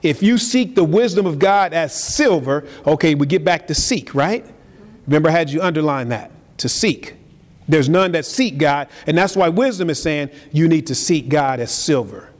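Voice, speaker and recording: A man preaching a sermon as pastor, energetic and swinging between loud and soft. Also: on the high side, moderate pace. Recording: hall reverb with faint ambience.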